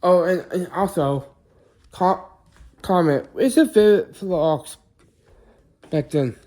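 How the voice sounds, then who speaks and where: Guy vlogging to his channel, slow talker, soft mellow voice, keeps starting over and fixing what he says. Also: sits high. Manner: rambling, with many restarts and self-corrections. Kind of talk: casual vlog chat to camera.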